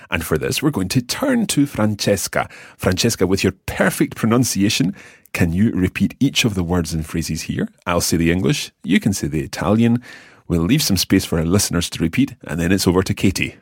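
A man with a very deep, slightly husky voice teaches a language lesson. His pitch moves a lot as he explains patiently and sounds out each word slowly. The recording is dry and close, with no room sound. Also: big pitch swings, no room sound.

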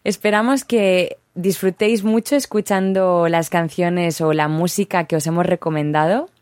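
Woman co-host, slightly low voice, short friendly lines. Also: fairly even intonation, brisk, a little mellow, dry recording, clean studio sound. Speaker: podcast co-host. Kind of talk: casual sign-off chat.

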